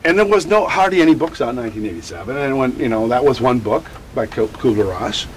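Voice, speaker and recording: A man who teaches about grief, answering interview questions in an animated, digressive way and acting out quotes. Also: medium pitch, fast, a little hiss or hum, low-quality recording. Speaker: grief educator.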